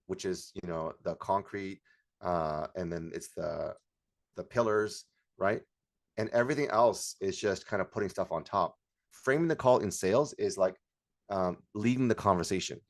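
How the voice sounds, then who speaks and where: A middle-aged man coaching on sales, talking energetically and acting out bits of calls. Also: on the low side. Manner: energetic, acts out call dialogue, shouts hype lines. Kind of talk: sales training talk.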